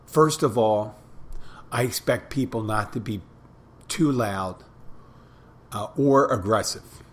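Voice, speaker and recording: Plain-spoken bartender man, low voice. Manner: plain-spoken, halting with restarts and fillers. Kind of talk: casual storytelling monologue.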